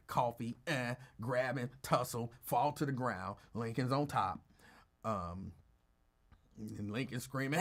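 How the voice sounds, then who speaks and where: A man's voice: mid-range voice, measured pace. A male radio talk show host telling a story in a casual, teasing way and acting out the quotes. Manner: animated, teasing, acts out quotes.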